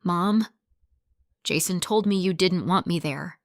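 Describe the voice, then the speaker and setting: A woman voicing a worried grown daughter who sounds tired and guarded, speaking softly and hesitantly. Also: on the low side, takes it slowly, no room sound, studio quality. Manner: soft, hesitant.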